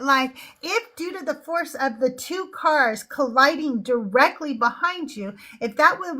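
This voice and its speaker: Woman host, middle-aged, high bright voice, chatty, laughs a lot. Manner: chatty, laughs often, trails off into fillers. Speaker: livestream host. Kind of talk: casual livestream chat.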